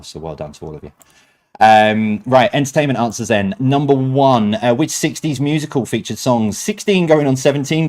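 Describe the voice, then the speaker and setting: A man hosting a streamed quiz night, reading out answers with chatty, self-mocking asides. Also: on the low side. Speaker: quiz host.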